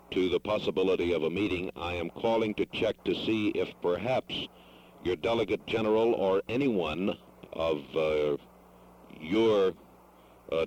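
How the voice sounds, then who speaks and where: A man with a very low voice speaks on a phone call in a careful, formal way. He picks each phrase slowly and hesitates now and then, with faint noise in the background. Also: darkish tone. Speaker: caller. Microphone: telephone.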